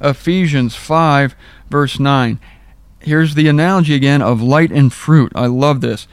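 A man teaching the Bible verse by verse in a conversational, wry way, rereading verses slowly for emphasis. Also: mid-range voice, clean tone, dry recording.

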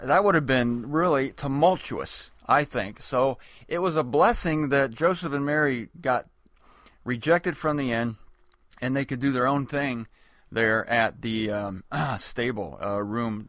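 This is a man talking through a comic monologue at an ordinary middle pitch. He rambles and doubles back to correct himself, with a wry edge. The sound is dry, with no room echo. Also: fairly bright tone. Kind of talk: comedic monologue.

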